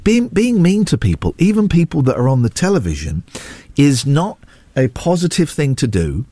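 A man talks on his radio show, and his pitch swings up and down as he rambles. He keeps cutting in on himself with jokes at his own expense. His voice sounds close to the mic in a dry, dead room. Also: sing-song, moderate pace, dark tone, no echo. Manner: rambling, self-deprecating, jumps between asides. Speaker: radio host. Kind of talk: casual on-air chat. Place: radio studio.

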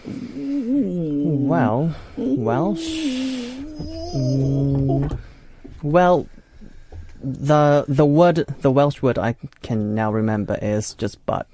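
Slow, hesitant man. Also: medium pitch, background noise. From South Korea. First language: Korean. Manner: hesitant, searching for words. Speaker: studio guest. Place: radio studio.

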